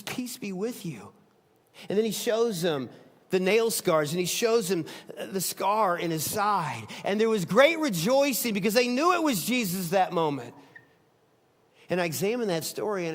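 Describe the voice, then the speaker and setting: Storytelling pastor with a high voice. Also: male voice, animated, normal speed, in a large hall. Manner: storytelling, swings between loud emphatic and soft hushed. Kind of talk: sermon.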